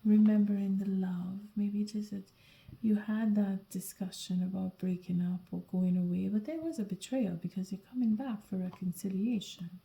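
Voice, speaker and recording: A sleepy woman gives a whispered tarot reading late at night, her hushed voice dark and mellow with a gravelly edge. She talks in soft, halting half-sentences and often restarts. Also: mid-range voice, fairly even intonation, poor audio. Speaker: tarot reader.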